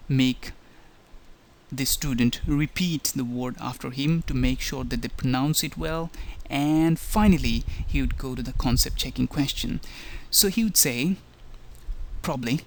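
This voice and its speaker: A male language instructor talks through a slideshow presentation. His voice has a gravelly, fry-edged texture. He explains step by step and leans on the key words. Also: mid-range voice. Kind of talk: slideshow lecture narration.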